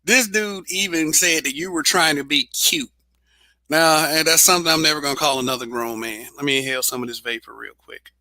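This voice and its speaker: A man's voice: on the high side, a little fast, pushed and bright, no room sound. A man hosting a casual livestream monologue, blunt and profane, laughing often. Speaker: show host.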